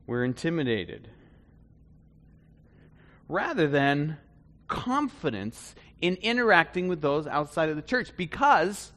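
A man preaching a conversational sermon, swinging between loud bursts and hushed asides. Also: fairly high pitch, sing-song, slow, pauses often. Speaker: pastor.

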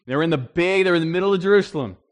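A man preaching a sermon in a conversational, animated storytelling way, with frequent restarts. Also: high voice, very fast. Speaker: pastor.

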